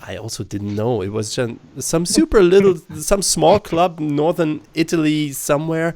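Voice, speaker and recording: A man's voice: fairly high pitch, normal speed, darkish tone, no room sound. A man, a tour manager, explaining things at length in casual chat and swearing casually over a video call.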